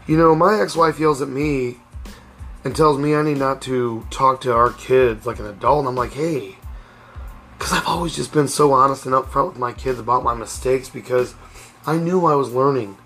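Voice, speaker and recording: A man's voice: mid-range voice, normal speed, a bit bright, faint music behind. A middle-aged man hosting a casual storytelling podcast, speaking candidly and rambling with frequent restarts. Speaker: podcast host.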